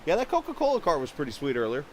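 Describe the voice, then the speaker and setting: A man commentating a virtual stock car race live, chatting with viewers and getting excited when cars run into trouble on pit road. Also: a little high, very fast, slight background noise. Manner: chatty, reads viewer chat, gets excited at incidents.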